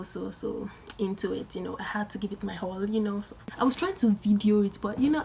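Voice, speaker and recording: A woman's voice: medium pitch, noisy background. A young woman vlogging casually, telling a story dramatically and often dropping into whispered asides.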